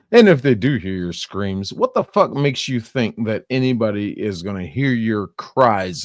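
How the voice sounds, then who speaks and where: A man's voice: fairly low pitch, very animated, measured pace, hardly any pauses, no room sound, studio quality. A man hosting a live stream, reacting in a profane, rambling way and laughing often.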